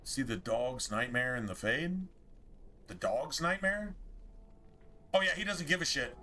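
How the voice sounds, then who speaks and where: A man's voice: a little high, animated, moderate pace, pushed and bright, a little hiss or hum. A man streaming a game, rambling casually with a lot of swearing and exasperation. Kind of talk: casual gameplay commentary.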